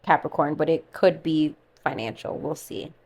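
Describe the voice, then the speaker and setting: Tarot reader, woman, slightly low voice, casual chatty delivery, muses aloud. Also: moderate pace, a little mellow. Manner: chatty, musing, thinks aloud while pulling cards.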